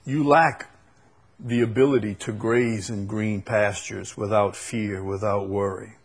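A man preaching a sermon, repeating key phrases and swinging between loud proclaiming and quiet intensity. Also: fairly low pitch, steady tone, a little slow, breathy edge.

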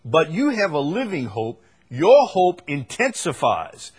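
A male pastor preaching a sermon, teaching from the Bible in an unhurried way and repeating key phrases for emphasis. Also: on the high side, huge pitch swings, breathy edge.

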